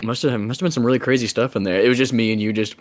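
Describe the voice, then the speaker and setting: A man's voice: mid-range voice, steady tone, rapid-fire. A young man with a Southern Arkansas accent, co-hosting a podcast in casual, joking chat and saying dude a lot. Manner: laid-back, joking, says dude a lot. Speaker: podcast co-host.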